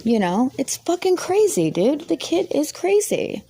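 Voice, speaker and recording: A woman's voice: high-pitched, very animated, a little slow, mellow. A woman vlogger telling an angry, rambling story to camera, swearing heavily and sounding indignant.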